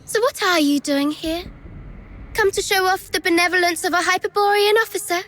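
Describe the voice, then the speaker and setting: A woman's voice: very high-pitched, a little fast, sharp tone. An actress voicing a mocking, treacherous young woman in a video game, taunting with theatrical sarcasm. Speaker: game character.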